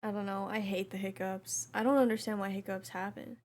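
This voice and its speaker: A young woman streamer chatting casually with her chat while she plays, reading messages aloud in a relaxed way. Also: mid-range voice, fairly quick.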